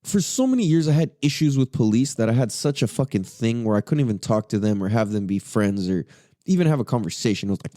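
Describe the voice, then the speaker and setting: A male podcast host tells a story fast, casually and profanely, his pitch jumping up whenever he quotes his own thoughts. The recording is dry and of studio quality.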